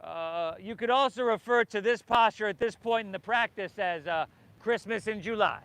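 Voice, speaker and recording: Male yoga teacher, higher-pitched, calls cues to a group, encouraging. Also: moderate pace, a bit bright. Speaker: yoga instructor. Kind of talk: guiding a yoga class. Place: outdoors by the ocean.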